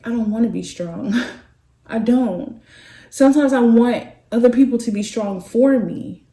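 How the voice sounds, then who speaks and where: A middle-aged woman telling a personal story in a slow, halting, heartfelt way to her vlog viewers. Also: mid-range voice, mellow, recorded from a distance. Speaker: vlogger. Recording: echoey room, off-mic.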